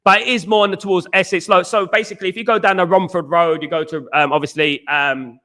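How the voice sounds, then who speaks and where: Middle-aged cockney bloke from east london, rambling footy stream chat, high bright voice, keeps repeating himself. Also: male voice, fairly even intonation, quick pace. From East London, England. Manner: rambling, repeats himself, reads out viewer comments. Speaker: podcast host. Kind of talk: casual live-stream chat.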